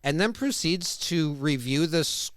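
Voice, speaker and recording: A man's voice: on the high side, expressive, measured pace, fairly bright tone, no room sound, studio quality. A man co-hosting a podcast, recapping an episode's plot and quoting its lines. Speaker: podcast co-host.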